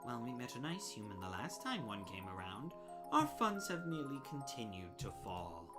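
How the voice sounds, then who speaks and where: A woman voicing a greedy spider baker woman who sweetly calls everyone dearie, with a low hushed menace under the sugar. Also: very animated, moderate pace, loud music behind the voice. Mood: scheming.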